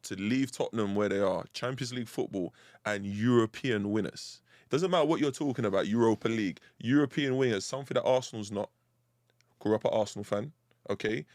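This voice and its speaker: Man, football podcast co-host, lively and playful, laughs a lot, dry close sound. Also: on the low side, brisk, dry recording. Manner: animated, laughing, playful arguing. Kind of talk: casual football chat.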